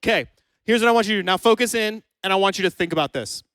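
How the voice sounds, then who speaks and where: Playful youth preacher, high and resonant, riffs with the room. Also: male voice, rapid-fire, a bit bright, clean tone, no room sound, studio quality. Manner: playful, jokes with the crowd, acts out both sides of a scene. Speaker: youth pastor. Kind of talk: lively youth sermon. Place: church hall with a live audience.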